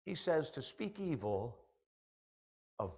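A middle-aged man preaching a sermon from the pulpit of a church, animated and building to loud, emphatic peaks. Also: on the high side, slow, gravelly, slightly rough. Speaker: pastor. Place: church sanctuary.

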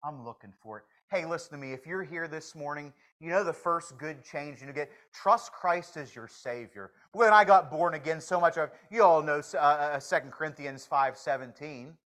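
A man preaching a sermon in a folksy, joking manner, swinging from hushed confession to loud exclamations. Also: fairly high pitch, moderate pace, hardly any pauses, low-quality recording. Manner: shifts from hushed to shouting.

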